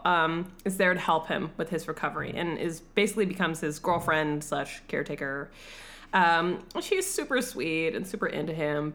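A woman's voice: fairly low pitch, fairly bright tone. A woman in casual chat, animatedly retelling a film plot, acting out quotes, laughing and swearing.

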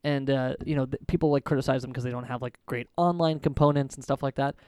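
A young man co-hosting a casual podcast chat, animated and rambling as he tells stories, laughing often. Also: mid-range voice, fast talker, smooth, no room sound, clean studio sound. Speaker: podcast co-host.

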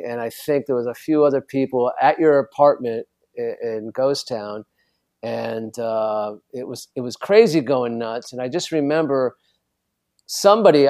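A man's voice: medium pitch, darkish tone. Rambling, profane man telling old stories. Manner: swearing, rambling storyteller. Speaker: podcast co-host. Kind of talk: casual chat.

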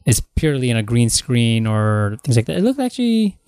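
A man co-hosting a casual podcast about movie and TV news, talking in animated, jokey rants with plenty of swearing. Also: medium pitch, a little fast, smooth, no room sound. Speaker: podcast co-host. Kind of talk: casual chat.

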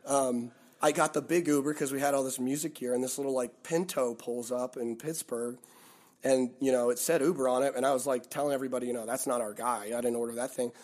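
Man, touring musician, casual interview, storytelling, acts out quoted people, lively. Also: medium pitch, fast talker. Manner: animated, acts out quoted people in his stories.

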